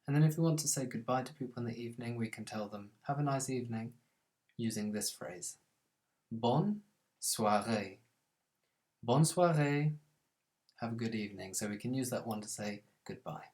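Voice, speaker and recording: A man gives a scripted French lesson in a mid-range voice. He says each French phrase slowly and with stress, then explains it in a calm, plain way. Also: mid-range voice. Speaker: French language teacher.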